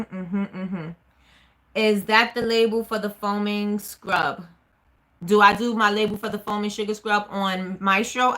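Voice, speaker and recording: A woman from New Jersey with a New Jersey accent, chatting casually and quickly, rambling with lots of ums while she answers viewers' questions. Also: medium pitch, bright, forceful tone. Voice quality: fast-talking, rambling with many ums. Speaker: small business owner hosting a live chat.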